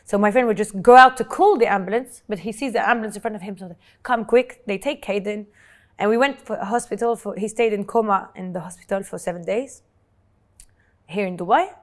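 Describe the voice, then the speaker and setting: A woman, telling her own life story as an interview guest in an earnest, halting way, often repeating words when moved. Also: medium pitch. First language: French. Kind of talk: emotional personal storytelling. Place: Dubai.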